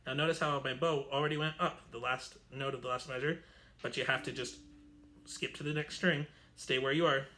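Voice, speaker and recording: A man's voice: medium pitch, fairly even intonation, a little fast, bright, forceful tone, faint music behind. A man teaching an online string orchestra lesson, chatty and explanatory, correcting himself as he goes. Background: violin playing.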